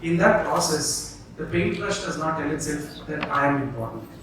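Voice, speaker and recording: A man's voice: fairly high pitch, expressive, normal speed, a bit bright, a little hiss or hum. A man giving a talk to an audience, teaching and checking in with "okay?" and "right?". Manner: leads the audience through movement drills. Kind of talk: public talk and panel answer. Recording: very echoey hall, distant mic.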